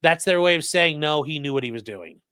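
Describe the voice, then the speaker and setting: A man's voice: a little high, lively intonation, brisk, bright, forceful tone, clear, resonant tone, no room sound. Sarcastic, profane male crime-show host. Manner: profane, sarcastic reading of court documents. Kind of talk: true crime livestream commentary.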